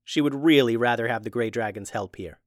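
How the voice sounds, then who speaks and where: Guy reading a kids fantasy story, even tone, dry mic. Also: mid-range voice, a little fast, dry recording. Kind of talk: children's story narration.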